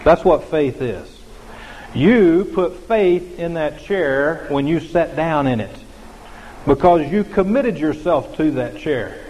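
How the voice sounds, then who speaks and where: A man's voice: a little high, expressive, slow, a little mellow, a little hiss or hum. Man preaching in an echoey hall. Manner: conversational preaching with many fillers and restarts. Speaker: pastor. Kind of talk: sermon.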